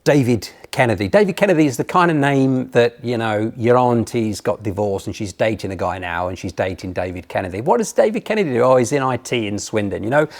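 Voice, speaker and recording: Male guest, gravelly, animated and digressive storyteller. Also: mid-range voice, fairly quick, hardly any pauses. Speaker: guest presenter. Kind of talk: casual chat.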